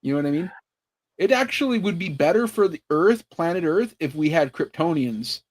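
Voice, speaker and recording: Male podcast co-host, slightly high voice, sarcastic deadpan humor, casual chat. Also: moderate pace. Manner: sarcastic, deadpan hot takes with frequent laughs.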